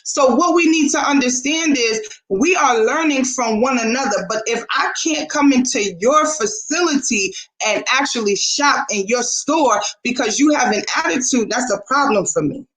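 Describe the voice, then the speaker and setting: Woman, high voice, animated storyteller, casual talk show, echoey room. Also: moderate pace, hardly any pauses. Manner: animated, acts out quoted dialogue.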